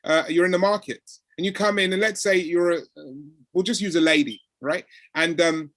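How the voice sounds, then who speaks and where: A man's voice: fairly high pitch, normal speed, no room sound. Man explaining, dry close sound. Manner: animated, acts out quoted exchanges. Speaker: speaker on code switching. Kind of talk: conversational talk.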